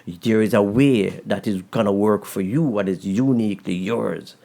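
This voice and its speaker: A man's voice: on the low side, normal speed, creaky, dark tone. A middle-aged man, a photographer guest, chatting in an interview; he thinks aloud, restarts words and acts out quoted speech. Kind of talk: casual interview chat.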